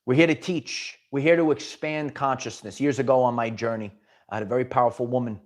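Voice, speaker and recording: A man's voice: mid-range voice, fairly even intonation, fairly quick. A man hosting a live spiritual pep talk, speaking emphatically, repeating phrases and restarting his sentences often. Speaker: spiritual channel host.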